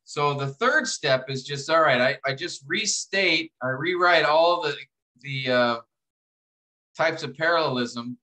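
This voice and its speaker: Guy teaching a class, kinda high bright voice, explains step by step, restarts a lot. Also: poor audio. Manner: explanatory, repeats and restarts phrases, reads verses slowly. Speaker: instructor. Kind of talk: classroom lecture walkthrough.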